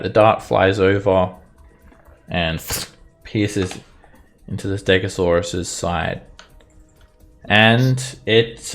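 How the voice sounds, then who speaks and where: A man running a tabletop game as game master, narrating slowly with many pauses and fillers. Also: low voice, fairly bright tone. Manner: slow, deliberate, with frequent fillers.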